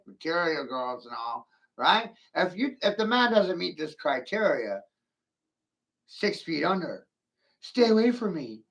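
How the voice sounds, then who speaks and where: A man's voice: a little high, big pitch swings, unhurried, vocal fry, a bit bright. A man in a rambling, taunting monologue, brash and profane, laughing at his own jokes. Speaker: vlogger ranting to camera.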